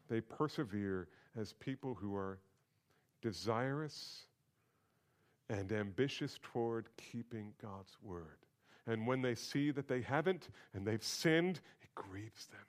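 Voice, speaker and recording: A man preaching a sermon at a middle pitch. He repeats his phrases for emphasis. His voice rises into loud, emphatic peaks and drops into hushed, low asides. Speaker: pastor.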